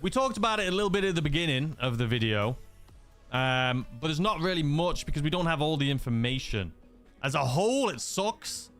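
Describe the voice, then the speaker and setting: With faint music behind him, a young man from England hosts a gaming livestream, casually reading viewer messages and rambling through fillers and restarts. His accent is mixed English with a slight Scouse lean, and his voice runs on the high side, expressive, brisk and a bit bright.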